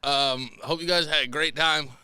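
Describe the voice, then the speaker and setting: A man's voice: a little high, fairly even intonation, moderate pace, bright, forceful tone, clear, resonant tone, no echo. A young man hosting a podcast, reading out listener stories and joking crudely about them in a casual, profane way. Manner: crude, joking, swears freely. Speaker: podcast host. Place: podcast studio.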